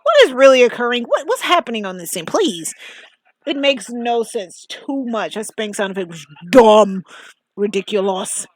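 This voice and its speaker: A woman's voice: fairly high pitch, animated, moderate pace, no room sound. A woman giving casual, opinionated commentary on a story game, blunt and often exasperated. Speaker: game reviewer.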